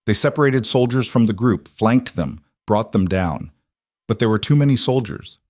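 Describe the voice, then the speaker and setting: A man narrating a dramatic fantasy story in a steady, scripted storytelling read. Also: lowish voice, normal speed, dry recording, clean studio sound.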